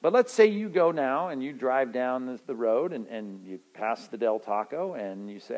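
A man's voice: medium pitch, lively intonation, moderate pace, few pauses, a little mellow, poor audio. A pastor giving a conversational, joking sermon at a retreat, acting out everyday scenes to make his point.

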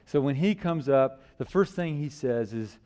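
A man preaching a sermon in church, asking rhetorical questions and swinging between loud emphasis and hushed lines. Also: mid-range voice, animated, normal speed.

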